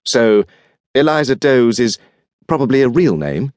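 A male audiobook narrator voicing a composed middle-aged antiques dealer who speaks in a dry, measured, understated way. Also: mid-range voice, very animated, a little mellow, dry recording. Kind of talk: audiobook character reading.

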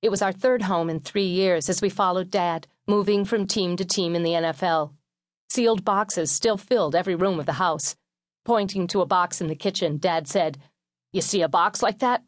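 A woman narrating a memoir audiobook in a measured, wry storytelling manner, recorded in a studio. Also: lowish voice, no room sound.

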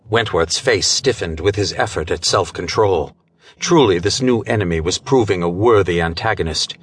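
Deep, husky male audiobook narrator. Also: fairly bright tone. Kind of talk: scripted narration.

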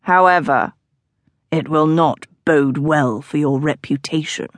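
A woman's voice: sits low, a little slow, dry recording, pitched below the performer's own voice. Woman doing a smirking scheming male playwright.

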